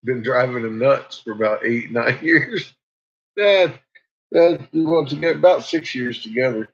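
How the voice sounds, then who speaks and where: Gravelly, slow-talking man, lo-fi sound. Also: medium pitch, expressive. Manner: laughs often while talking about his dogs. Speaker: vlog host. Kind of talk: casual chat. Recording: dull lo-fi recording.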